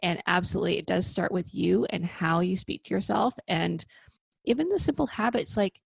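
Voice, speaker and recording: A woman speaking as a podcast guest over a remote call, lively and chatty with frequent "like" asides. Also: fairly low pitch, normal speed, vocal fry, slightly rough, dry recording. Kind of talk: casual conversational interview.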